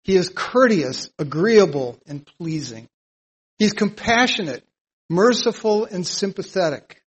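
A man teaching a psalm verse by verse in a sermon, earnest and plain-spoken, getting louder whenever he reads scripture aloud. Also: sits high, lively intonation, a little slow, husky, low-quality recording. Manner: emphatic, louder when reading scripture aloud. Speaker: Bible teacher.

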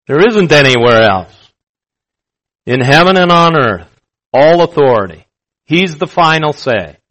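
A male pastor preaching a sermon, emphatic and slow, repeating his key phrases for weight. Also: medium pitch, fairly bright tone, low-quality recording.

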